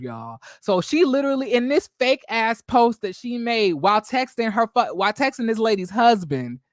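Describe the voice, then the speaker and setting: A man's voice: high voice, no echo, studio quality. Brash, profane gossip commentator man. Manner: brash, profane, theatrical, drawn-out exclamations. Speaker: commentary channel host.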